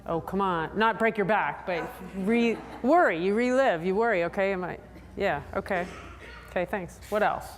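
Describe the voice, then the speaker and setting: A woman psychologist giving a lively, chatty talk to a convention audience, drawing answers from the crowd. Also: moderate pace. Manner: animated, chatty, acts out riders in high voices. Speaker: sports psychologist presenter. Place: large convention hall. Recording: long hall reverb.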